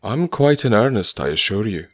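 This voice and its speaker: A man's voice: sits low, lively intonation, moderate pace, no echo. Good-humoured broke young writer, read by a man, earnest, lightly raised, dry recording. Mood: cheery. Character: cheerful poor young male writer. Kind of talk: audiobook character voice.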